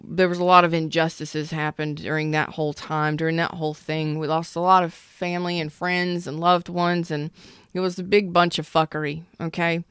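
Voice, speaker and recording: A woman in her thirties talks through a tarot reading in a blunt, emphatic way, swearing freely as she goes. Her voice sits on the low side and sounds smooth and clear. The sound is dry and close. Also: flat delivery, moderate pace, fairly bright tone, dry recording. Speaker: tarot reader.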